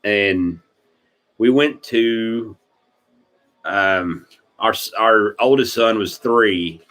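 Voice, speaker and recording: A man's voice: lowish voice, drawn-out words, fairly bright tone. A middle-aged man with a Staten Island accent, co-hosting a casual pipe-smoking chat, joking and laughing often. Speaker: podcast co-host.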